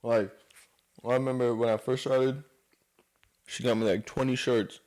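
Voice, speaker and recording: A young man, a podcast guest who designs clothes, telling rambling, relaxed stories with lots of fillers in casual chat. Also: mid-range voice, a little slow, rough recording.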